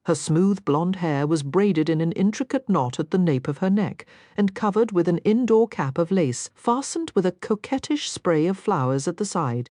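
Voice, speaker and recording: A woman reading an audiobook aloud in expressive, measured scripted narration. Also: fairly low pitch, no echo, clean studio sound.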